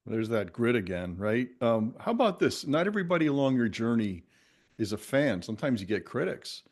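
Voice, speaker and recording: A man's voice: mid-range voice, sing-song, a little fast, darkish tone. A man hosting a podcast interview, asking encouraging, probing questions. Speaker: podcast host.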